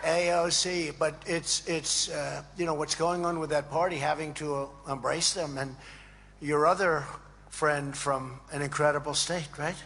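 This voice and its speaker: A man's voice: a little high, steady tone, a little slow, noisy background. A man giving a rambling, emphatic rally speech to a crowd, repeating phrases and acting out quoted dialogue. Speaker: speaker at a political event. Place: large event hall.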